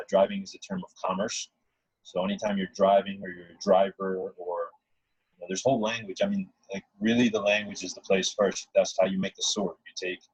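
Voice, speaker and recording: A man's voice: deep voice, a little mellow, slightly rough, dry recording, low-quality recording. A man earnestly telling a personal story in a casual, rambling way, often restarting his sentences.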